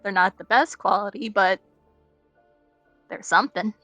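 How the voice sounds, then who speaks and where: A woman's voice: medium pitch, unhurried, pushed and bright, no room sound, dull audio. Woman player, playful, laughing, dead-dry sound, faint music. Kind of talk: casual tabletop play.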